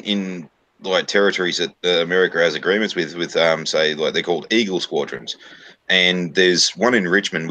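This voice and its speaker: A man's voice: sits low, pushed and bright. A man co-hosting a live stream, rambling casually with plenty of swearing and filler. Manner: profane, rambling storyteller. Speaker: stream co-host. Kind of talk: casual chat.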